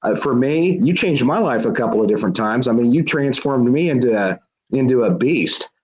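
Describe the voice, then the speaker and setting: A man's voice: mid-range voice, animated, moderate pace, darkish tone, poor audio. A man hosting a podcast interview, chatting casually and enthusiastically with casual slang. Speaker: podcast host.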